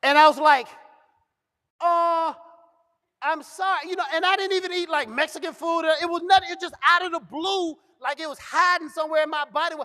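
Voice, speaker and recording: A man with a strikingly high voice tells a comic story to a live audience. He is middle-aged and animated, jumping into the voices of the people he quotes. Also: fast talker, few pauses. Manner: animated, acts out dialogue. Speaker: comedian. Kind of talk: comedic storytelling. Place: event stage.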